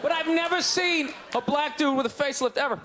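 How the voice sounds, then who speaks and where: A male stand-up comedian ranting loudly and in exasperation on a comedy club stage into a handheld mic. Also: very high voice, brisk, slight background noise. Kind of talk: stand-up set. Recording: live club recording with crowd laughter.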